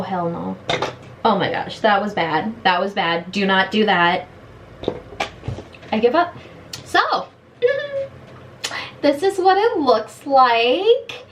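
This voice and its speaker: A woman's voice: mid-range voice, background noise. A woman in her late thirties doing a casual makeup review at home in her bedroom, talking frustrated and blunt. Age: late 30s. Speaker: beauty vlogger.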